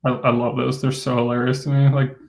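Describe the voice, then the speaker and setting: A man chatting casually as co-host on a livestream. His pitch barely moves, so his delivery stays flat and steady. He keeps things relaxed and conversational. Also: a little fast, creaky, low-quality recording. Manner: relaxed, even-toned, chatty.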